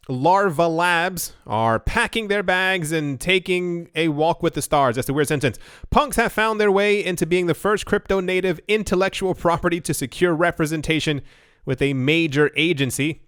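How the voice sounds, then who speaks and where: A man's voice: sits high, moderate pace, a bit bright, smooth, no echo, studio quality. A man hosting a casual crypto news video, rambling into asides and self-deprecating jokes.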